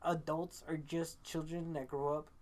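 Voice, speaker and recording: A man's voice: fairly high pitch, little pitch movement, unhurried. A young man co-hosting a podcast, in a casual chat. He rambles, swears often and breaks into laughter. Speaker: podcast co-host.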